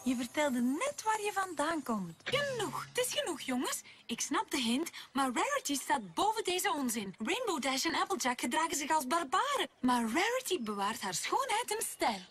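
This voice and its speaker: Rarity, prim dubbed unicorn. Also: female voice, high-pitched, sing-song, moderate pace, hardly any pauses, fairly bright tone. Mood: haughty. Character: prim fashion-loving female unicorn. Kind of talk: cartoon dub acting. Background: music.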